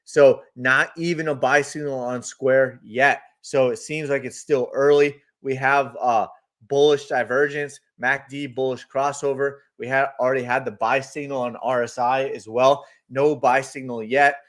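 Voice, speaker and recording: A man's voice: medium pitch, steady tone, unhurried. Chatty man hosting a live trading stream. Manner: chatty, greets viewers by name, reads the chat; laughs easily, loose and talkative. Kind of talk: casual live-stream chart commentary.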